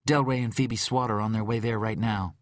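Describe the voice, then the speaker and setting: A man voicing a young female police officer who delivers news briskly and matter-of-factly in an audiobook. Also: fairly low pitch, steady tone, no echo, clean studio sound, pitched above the performer's own voice, close to an everyday voice.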